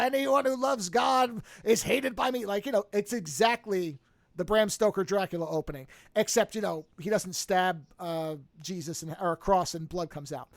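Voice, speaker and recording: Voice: mid-range voice, dry recording, studio quality. A podcast host casually retelling a movie plot and acting out the characters' lines in different voices. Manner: animated, acts out quotes with shifting voices.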